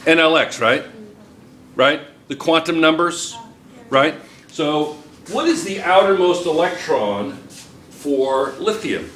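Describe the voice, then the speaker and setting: An American man with a New Jersey accent teaches a chemistry class and keeps firing questions at the students. His voice is bright. A faint room hum sits behind him. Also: a little high, animated, takes it slowly. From United States. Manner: chatty, asks the class questions. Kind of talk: classroom lecture.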